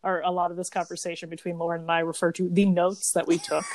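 A woman's voice: fairly low pitch, flat delivery, fast talker, darkish tone, no room sound. A woman in her thirties, co-hosting a podcast, chatting at length in a rambling, think-aloud way. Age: 30s. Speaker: podcast co-host. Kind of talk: casual chat.

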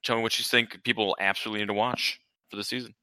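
A man's voice: fairly low pitch, flat delivery, very fast, bright, forceful tone, smooth, dry recording. A man hosting a casual podcast chat, joking and self-deprecating. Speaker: podcast host.

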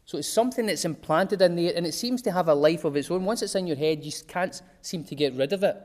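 Man, fairly high voice, relaxed rambling presenter with everyday examples. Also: fast. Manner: chatty and digressive, with homely examples. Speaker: speaker giving a talk. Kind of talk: informal talk to a small group.

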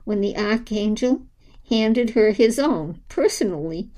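A woman reads a children's story aloud with a gentle, unhurried delivery. Her voice is mellow and soft at the edges, pitched in an ordinary middle range. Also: animated, poor audio. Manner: slow, gentle storybook reading. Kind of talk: scripted narration of a children's story.

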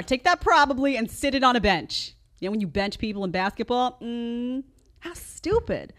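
A woman hosting her own commentary show, reacting emphatically to old clips with loud bursts and quiet asides. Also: a little high, normal speed. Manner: animated, emphatic, jumps between loud outbursts and quiet asides. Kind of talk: opinionated commentary.

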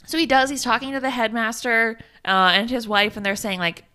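A woman's voice: fairly high pitch, brisk, few pauses, sharp tone, clear, resonant tone. A woman co-hosting a podcast, recapping a film in casual chat, laughing often and making sarcastic, profane asides. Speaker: podcast co-host.

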